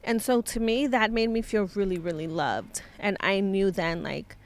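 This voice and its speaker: A woman's voice: mid-range voice, moderate pace. A woman in her thirties, a mother and vlogger, telling a personal story in a casual, heartfelt way, sometimes dropping into Spanish phrases.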